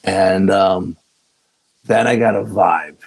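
A man, a podcast guest, telling a story in a casual, laid-back, unhurried way. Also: low voice, slightly rough, poor audio.

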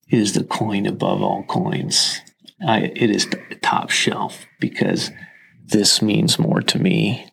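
A man who serves as an Army chaplain, answering interview questions in a slow, earnest and reflective way. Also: on the low side, gravelly, fairly bright tone, husky.

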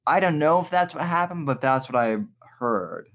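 A man's voice: fairly high pitch, expressive, normal speed, fairly bright tone. A man hosting a podcast interview who talks hesitantly and repeats his words. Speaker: podcast host. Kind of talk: casual interview.

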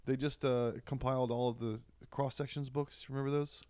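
A man in casual comedy chat on a podcast, joking crudely and tossing in quick silly voices. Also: mid-range voice, flat delivery, a little mellow, smooth. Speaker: podcast host.

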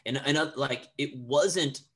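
A man in his thirties talking casually on a podcast, animated and full of filler words, acting out little quotes. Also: mid-range voice, a little slow, husky. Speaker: podcast guest.

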